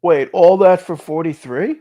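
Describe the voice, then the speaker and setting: A man's voice: a little high, unhurried, mellow. A man co-hosting a livestream in a casual, joking chat, laughing often. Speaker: co-host of a precious metals livestream.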